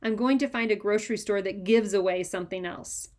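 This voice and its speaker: A woman's voice: mid-range voice, brisk, a little mellow, close to an everyday voice. A woman playing a firm, scolding mother. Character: stern but loving mother, middle-aged.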